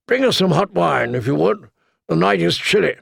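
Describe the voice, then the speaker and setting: A man playing a gruff old military commander who gives brusque, decisive orders. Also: a little high, lively intonation, normal speed, no room sound, pitched above the performer's own voice, exaggerated voice. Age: older.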